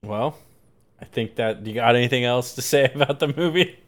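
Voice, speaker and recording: A man's voice: mid-range voice, moderate pace. A man co-hosting a podcast in easygoing casual chat, laughing along as he talks. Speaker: podcast co-host.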